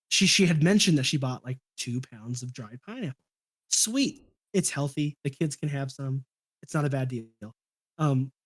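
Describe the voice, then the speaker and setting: A man's voice: medium pitch, darkish tone. Rambling man telling a story. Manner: rambling, chuckling, many restarts. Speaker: podcast guest, streamer. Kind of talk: casual storytelling chat.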